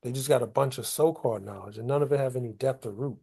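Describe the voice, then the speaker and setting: A man's voice: medium pitch, fast, creaky, dark tone, breathy edge. A man leading a Bible study, explaining scripture in loose, colloquial everyday talk. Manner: colloquial, paraphrases scripture in casual street talk. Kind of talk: conversational Bible study teaching.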